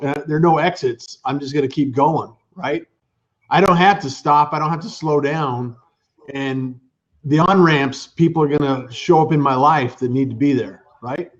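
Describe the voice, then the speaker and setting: A man's voice: fairly high pitch, normal speed. A man hosting a casual conversation, reflective and building on his guest's points. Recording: dull lo-fi sound.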